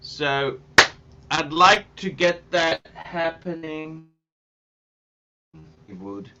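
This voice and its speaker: A man's voice: fairly high pitch, extremely slow, long pauses, lo-fi sound. A man hosting a casual livestream, chatting and reading out viewer comments in a jokey way. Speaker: livestream host.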